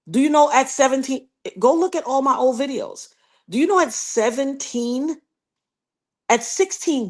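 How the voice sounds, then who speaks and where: A middle-aged woman telling a personal story in an animated, emphatic way, acting out quotes and speaking straight to the listener. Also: on the high side. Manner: emphatic, addresses listener directly, acts out quotes.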